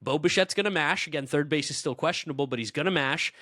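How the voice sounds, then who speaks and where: A man's voice: a little high, quick pace, no echo, studio quality. Upbeat man co-hosting a sports podcast. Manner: animated, opinionated, laughs easily. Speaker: podcast co-host. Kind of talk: casual sports chat.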